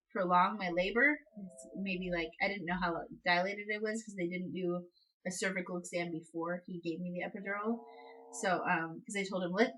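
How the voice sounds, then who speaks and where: A woman's voice: fairly bright tone, poor audio. A young woman vlogger casually telling a personal story, full of "like" and "um" fillers. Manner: chatty, many "like" and "um" fillers, reenacts quotes with high outbursts. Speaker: vlogger, new mother.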